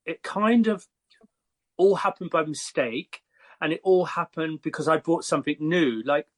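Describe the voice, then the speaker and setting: Chatty English man with higher voice. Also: moderate pace. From Croydon, England. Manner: lively, chatty, laughs often, with frequent fillers. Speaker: podcast guest, hairstylist. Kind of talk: casual storytelling.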